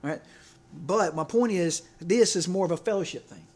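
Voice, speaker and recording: A man's voice: sits high, moderate pace, a little mellow, husky. A man preaching a sermon in a conversational way, often repeating words and asking the congregation for an amen. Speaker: pastor.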